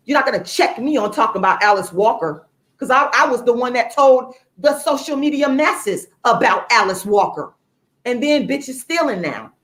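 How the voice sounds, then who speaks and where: Woman, slightly high voice, outraged and profane, hammering points home with repetition; solo livestream rant. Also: a bit bright. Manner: angry, profane and emphatic, repeating lines for force. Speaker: author and activist.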